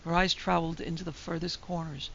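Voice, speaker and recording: A woman narrating a classic ghost story in a measured, steady storytelling voice. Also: fairly low pitch, creaky, a little hiss or hum. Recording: dull lo-fi recording.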